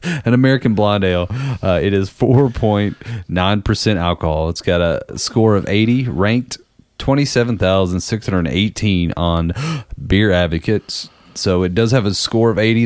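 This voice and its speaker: A man's voice: lowish voice, darkish tone, no room sound. A man co-hosting a podcast in casual comedic chat, joking and giggling as he reads product notes aloud. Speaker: podcast co-host.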